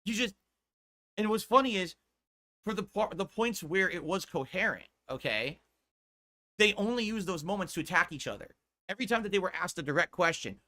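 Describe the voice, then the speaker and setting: A man's voice: high voice, expressive, a little fast, bright, forceful tone. A man, a streamer, ranting in exasperated, profane commentary in a clip played back by another streamer.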